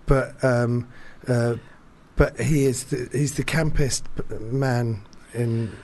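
A man's voice: medium pitch, steady tone, takes it slowly, a little mellow. A man telling a story in casual chat, rambling, restarting his sentences often and laughing between them.

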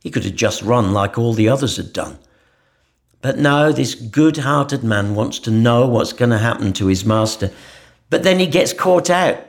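A man's voice: mid-range voice, moderate pace, vocal fry. Earnest man reflecting on scripture. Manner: earnest, animated, many rhetorical asides. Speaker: co-presenter of a Bible podcast. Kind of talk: conversational Bible reflection. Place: church in Jerusalem.

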